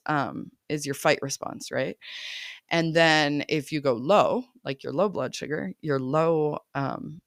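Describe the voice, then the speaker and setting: A woman in her thirties hosting a coaching podcast, talking in a chatty, casual way and laughing often. Her voice has a gravelly, fry-touched texture, recorded dry and close with no room sound. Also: low voice, no room sound. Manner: chatty, laughs often, asks listeners "right?". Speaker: life coach podcast host.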